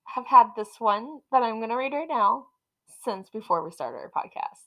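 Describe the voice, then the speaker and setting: A middle-aged woman co-hosts a podcast in casual chat. Her voice sits high and swings widely in pitch. She tells animated stories and breaks into laughter often. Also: normal speed, rough recording. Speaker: podcast co-host.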